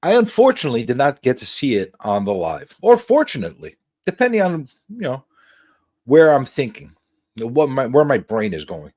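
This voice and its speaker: A man hosting a late-night livestream talk show, his pitch swinging widely as he jokes and teases. His voice sits in a middle register and he swears freely. He leans hard on emphatic, drawn-out asides. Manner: animated, joking, swears freely. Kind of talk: casual livestream chat.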